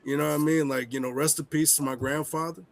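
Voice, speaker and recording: A young man co-hosting a comedy podcast, ranting in a heated, profane and animated way. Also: fairly high pitch, quick pace. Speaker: podcast co-host. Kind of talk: casual comedic rant.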